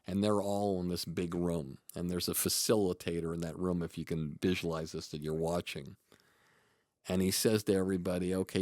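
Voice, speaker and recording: A man, a comedy producer and manager, telling stories in an earnest, reflective way as a podcast guest, often halting and restarting. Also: low voice, darkish tone, dry recording, clean studio sound. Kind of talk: storytelling in a podcast interview.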